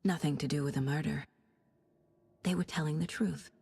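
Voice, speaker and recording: A woman voicing a calm, methodical female federal agent questioning witnesses in a video game. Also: low voice, moderate pace, gravelly, noisy background. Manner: calm, level, reassuring.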